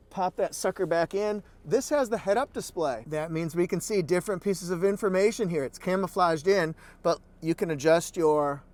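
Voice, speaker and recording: Man, high-ish voice, playful and excitable car reviewer talking from inside a truck cab. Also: no echo. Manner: excitable, playful, exclaims and repeats phrases. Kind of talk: casual product walkaround. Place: inside a pickup truck cabin.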